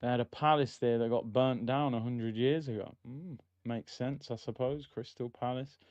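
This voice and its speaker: A young streamer hosts a live football watchalong, casually reading out chat and reacting loudly to chances. He speaks at medium pitch with a steady tone and moderate pace, and his streaming mic gives a muffled recording with no room sound.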